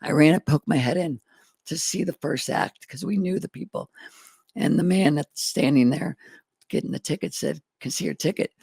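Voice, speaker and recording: Gravelly middle-aged man, earnest and folksy. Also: fairly high pitch, normal speed, darkish tone, no room sound. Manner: earnest, folksy, retells exchanges in quotes. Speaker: guest entrepreneur. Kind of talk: candid storytelling interview.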